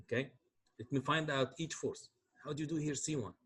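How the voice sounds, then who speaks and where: This engineering lecturer has a mid-range, husky voice with a bit of brightness, and he speaks briskly. Teaching his university class, he explains calculations one step at a time and repeatedly makes sure students are following.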